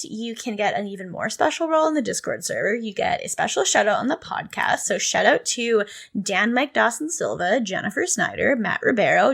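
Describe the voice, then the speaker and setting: A woman's voice: medium pitch, creaky, a bit bright. A woman co-hosting a casual podcast chat, giggling often and talking with lots of fillers and restarts. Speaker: podcast co-host.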